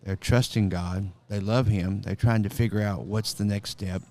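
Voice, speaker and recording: Low-voiced man hosting a church podcast. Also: steady tone, normal speed, warm tone. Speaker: podcast host. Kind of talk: interview questions.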